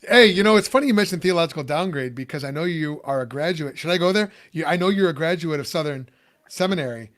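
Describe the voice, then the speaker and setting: A man's voice: a little high, animated, quick pace, a bit bright. A man from Chicago hosting a podcast, chatty and rambling, with many fillers and restarts. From Chicago, USA. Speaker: podcast host. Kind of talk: casual podcast interview.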